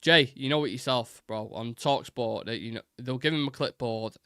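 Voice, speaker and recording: Blunt, sweary football fan host. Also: male voice, mid-range voice, normal speed, bright, forceful tone, smooth, no echo, studio quality. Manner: reads and answers chat comments. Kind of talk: live-stream football chat.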